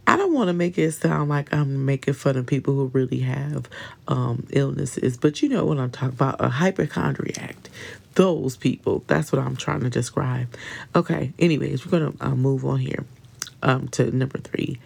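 Low, gravelly-voiced chatty podcast woman. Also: normal speed, a little mellow. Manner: chatty and informal, with many fillers and asides to listeners. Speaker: podcast host. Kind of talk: casual solo podcast monologue.

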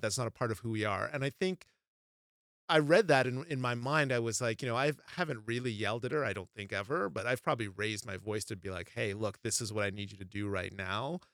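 A man's voice: mid-range voice, no echo. A man in his thirties chatting casually on a podcast, rambling through stories and acting out every quote along the way. His voice sits mid-range for a man. The sound is very dry and close, with no trace of the room. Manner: rambling, animated storytelling with acted-out quotes. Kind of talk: casual chat.

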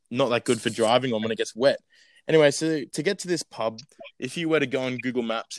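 A young Australian man spins a rambling yarn in a relaxed guest spot. His voice sits low and comes through smooth and resonant. The sound is close and dry, with no room around it. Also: no echo, rough recording. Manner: rambling, full of fillers and restarts. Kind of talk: casual storytelling.

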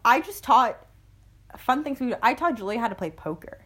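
A young adult woman co-hosting a podcast in casual chat, swearing freely and talking with lively energy. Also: on the high side, fairly quick, husky. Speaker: podcast co-host.

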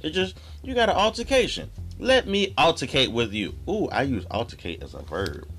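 A man's voice: normal speed, breathy edge, faint music behind. A man co-hosting a podcast, telling a story in a casual, profane way and acting out his friends' voices. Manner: animated, profane, acts out quoted friends with big pitch jumps. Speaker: podcast co-host. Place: podcast studio.

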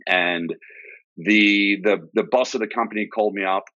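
A man's voice: on the low side, steady tone, normal speed, pushed and bright, no room sound. An Australian man, middle-aged, a laid-back former soldier telling his story in a casual interview and swearing freely. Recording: dull, lo-fi and dry.

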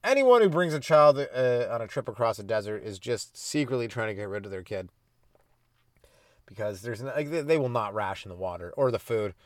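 A man's voice: mid-range voice, expressive, a little fast, no echo, studio quality. A young man hosting a comedy podcast, riffing loosely through a profane, self-mocking monologue. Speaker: stand-up comedian, podcast host.

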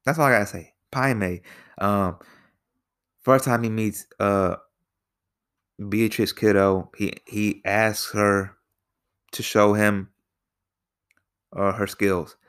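A man's voice: fairly low pitch, fairly even intonation, takes it slowly, long pauses, a bit bright, smooth. A man casually reviewing a film, rambling with lots of fillers and slang, sometimes restarting his sentences. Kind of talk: casual spoken movie review.

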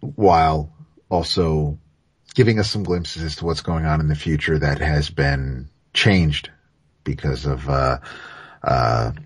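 Super deep husky guy on a comics podcast, dry sound, lots of ums and restarts. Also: fairly even intonation, slow pace, no room sound. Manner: hesitant, many fillers and restarts. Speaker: podcast co-host. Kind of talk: casual comics podcast chat.

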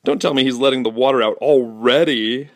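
A man putting on a high falsetto to voice a scolding mother of a small boy from a comic strip. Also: brisk, dry recording, lightly acted.

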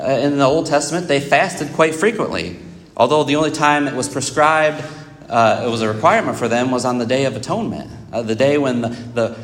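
A man preaching a sermon, explaining scripture in an earnest way and often repeating words as he goes. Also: mid-range voice. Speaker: pastor. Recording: echoey hall reverb.

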